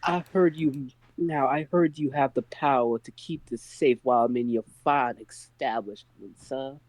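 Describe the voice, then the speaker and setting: A man voices a scheming young noblewoman who guards a precious ruby. The delivery is slow and hesitant, with pauses between phrases. The sound is dry and close. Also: medium pitch, dry recording, rough recording. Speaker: player. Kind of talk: in-character tabletop role-play.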